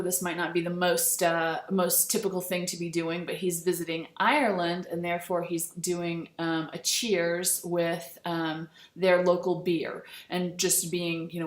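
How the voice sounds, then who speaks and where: A woman teaching a recorded lesson over slides, relaxed and chatty, with many fillers. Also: lowish voice. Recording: echoey room.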